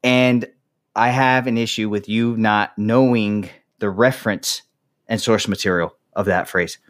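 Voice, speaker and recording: A man's voice: fairly low pitch, fairly even intonation, measured pace. Ranting, profane male podcast host. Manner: ranting, profane, laughs often. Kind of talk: casual podcast chat.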